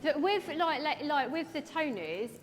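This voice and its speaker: A woman's voice: high voice, very animated, unhurried. A woman hairdresser giving a live styling demo, chatty and rambling with lots of fillers, in a large event hall. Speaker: hairdresser educator. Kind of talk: live hair demonstration with chat. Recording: echoey hall with faint background noise.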